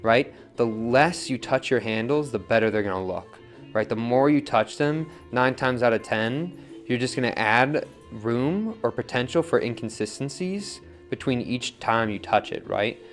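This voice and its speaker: Young man, pottery teacher, casual coaching, average pitch, faint music. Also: a little slow. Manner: relaxed, coaching, keeps asking right?. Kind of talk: casual wheel-throwing demo.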